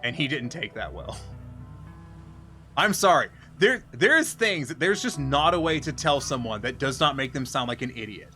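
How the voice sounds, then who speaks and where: A man in casual chat on a stream, ranting his way through a story with plenty of swearing. His voice is bright and forward at a middling pitch, and faint music plays underneath. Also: big pitch swings, unhurried.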